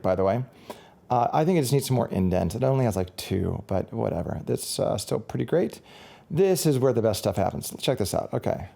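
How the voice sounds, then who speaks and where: A man's voice: medium pitch, creaky, mellow. A man, a musician, giving a casual, rambling product review and often correcting himself mid-sentence. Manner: rambling, chatty, self-correcting.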